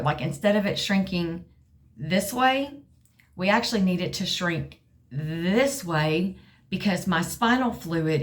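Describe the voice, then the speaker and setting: A middle-aged woman with a drawl talks to camera in a loose, rambling way, calling her viewers y'all. Her voice sits on the low side for a woman. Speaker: vlogger sharing a health update. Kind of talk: casual chat to camera.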